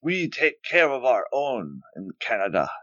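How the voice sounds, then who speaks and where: A tender-hearted street vendor in a tabletop game, gentle and earnest in his kindness, as a man puts him on. The sound is dry and a little dull. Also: medium pitch, very animated, unhurried, dry recording. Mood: kindly. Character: sentimental male Canadian lemonade vendor.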